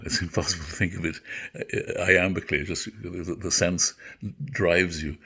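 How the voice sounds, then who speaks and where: An older man giving a literature lecture, reflective and halting, often correcting himself. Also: low-pitched, fairly even intonation, a bit bright, breathy edge. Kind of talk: literature lecture with recited verse.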